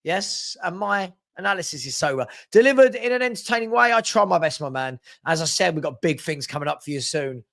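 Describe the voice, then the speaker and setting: A man hosting a live football stream, chatty and teasing as he reads viewer comments and gives shout-outs. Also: sits high, expressive, brisk, vocal fry, few pauses. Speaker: host of a live football transfer show.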